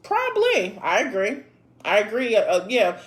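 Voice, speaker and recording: A woman in her thirties hosts a casual live chat, reading viewer comments aloud and replying bluntly and sassily, laughing and swearing often. Her medium-pitched voice swoops wildly in pitch at a moderate pace.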